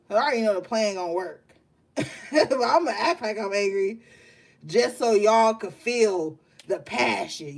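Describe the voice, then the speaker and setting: A woman in her young adult years gives a tarot reading in a slow, unhurried drawl. She talks bluntly, swears freely and laughs often as she hypes up her listeners. Her voice sits at a middle pitch. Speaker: tarot reader. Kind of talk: casual spoken tarot reading.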